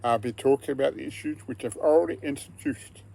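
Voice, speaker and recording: A man's voice: medium pitch, a little fast, gravelly, dark tone, slightly rough. A Scottish man talking earnestly to camera in a personal vlog, stressing his key words. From Scotland. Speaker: vlogger.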